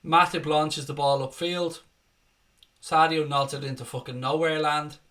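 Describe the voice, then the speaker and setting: A man's voice: a little high, steady tone, a little slow, fairly bright tone. A young man giving live fan commentary on a football match, calling the play and breaking into angry, sweary rants. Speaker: fan watchalong host.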